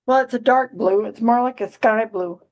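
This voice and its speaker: A woman's voice: a little high, moderate pace, a little mellow, lo-fi sound. A woman hosting a casual astrology chat, rambling with many restarts and dry, giggly humor. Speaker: astrology podcast host.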